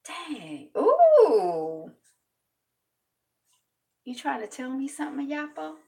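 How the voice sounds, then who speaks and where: A woman's voice: sits high, wildly swooping pitch, slow pace, vocal fry, dark tone, distant mic. A woman vlogger chatting casually through news items, rambling and thinking aloud.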